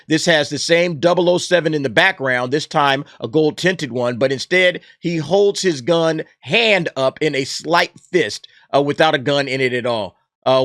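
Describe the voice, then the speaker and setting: A man's voice: a little high, a bit bright, no room sound, studio quality. A man giving casual reaction commentary, exasperated and mocking, reading headlines aloud between complaints. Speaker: YouTube commentator.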